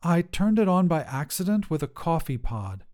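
Male reader doing a frantic young woman caller, exasperated and pleading, high and animated. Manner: exasperated, pleading, quick to anger. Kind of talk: audio drama reading.

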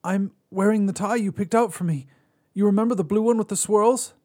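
A man's voice: high-pitched, fairly quick, darkish tone, pitched above the performer's own voice. A man voicing a heartbroken young man who pleads with his ex, choked and breathless. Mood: pleading.

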